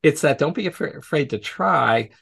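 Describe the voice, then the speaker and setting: A man's voice: fairly high pitch, expressive, normal speed, gravelly, a bit bright, breathy edge. A man as an interview guest, casually telling stories from his teaching work, acting out the voices of people he quotes and laughing often. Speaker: podcast guest, educator.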